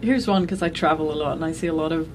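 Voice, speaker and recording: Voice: mid-range voice, fast talker, background noise. An interviewer asking short questions and giving brief listening responses.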